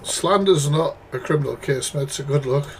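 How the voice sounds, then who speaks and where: A man's voice: on the high side, normal speed, slight background noise. A British man reacting live to clips, talking bluntly and swearing with exasperated asides to his chat. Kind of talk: casual live commentary.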